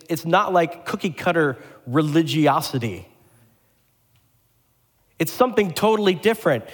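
A pastor delivering a lively sermon, asking the congregation questions and joking with them. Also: male voice, on the high side. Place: church sanctuary. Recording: long hall reverb.

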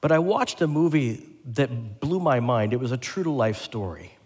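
A man's voice: mid-range voice, moderate pace, breathy edge. Man preaching a sermon in a big reverberant hall. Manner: lively, talks straight to the congregation with questions. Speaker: pastor. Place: church sanctuary.

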